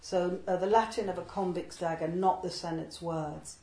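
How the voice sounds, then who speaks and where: Gravelly woman talking poetry. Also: fairly low pitch, fairly even intonation, mellow, roomy sound, rough recording. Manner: digressive, explanatory, reads verse slowly and deliberately. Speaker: literary translator. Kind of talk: talk on poetry with a verse reading.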